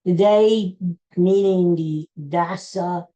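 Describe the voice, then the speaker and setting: A woman's voice: on the low side, drawn-out words, dark tone, rough recording. A woman hosting a podcast, chatting casually and rambling, often correcting herself and stumbling over names. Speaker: podcast host. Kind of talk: casual solo chat.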